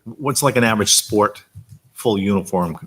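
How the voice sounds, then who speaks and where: A man on a school board, asking relaxed follow-up questions at a meeting. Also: fairly low pitch, moderate pace, slightly rough, poor audio. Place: meeting room.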